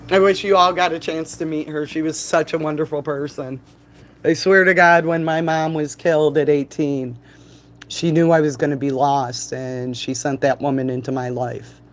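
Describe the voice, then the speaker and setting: A man chatting on a live stream from a bar, telling animated stories, laughing often and swearing freely. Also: on the high side, slight background noise, poor audio. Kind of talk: casual live-stream chat. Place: bar, indoors.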